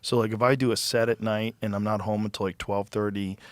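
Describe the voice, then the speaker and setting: A man's voice: on the low side, little pitch movement, fairly quick, dry recording. A middle-aged man hosting a podcast, chatting casually and handing out blunt, profane advice. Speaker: podcast host. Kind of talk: casual chat.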